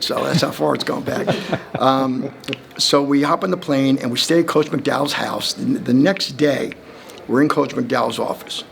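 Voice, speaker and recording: Gravelly storytelling man in his fifties. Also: mid-range voice, a bit bright, a little hiss or hum. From New Jersey. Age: 50s. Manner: rambling storyteller who acts out quoted voices and laughs between lines. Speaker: Hall of Fame inductee, former running back. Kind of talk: press interview answers.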